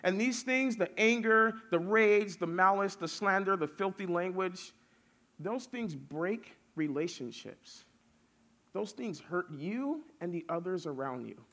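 A man's voice: high voice, expressive, a little slow, a bit bright. A young man preaching a casual youth sermon, telling stories and building lists with rising force.

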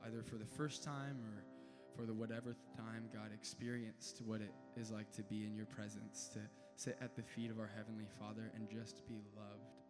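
Low, even man praying over guitar. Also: moderate pace, few pauses. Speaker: prayer leader. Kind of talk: spoken prayer. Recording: guitar playing behind. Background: guitar music.

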